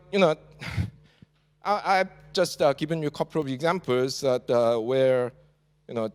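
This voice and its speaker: A man's voice: medium pitch, clean tone. A man from South Korea with a Korean accent gives a university lecture in English. He talks with many "uh" fillers and ends points with a questioning "yeah?". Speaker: guest lecturer. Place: large lecture hall. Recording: reverberant lecture hall.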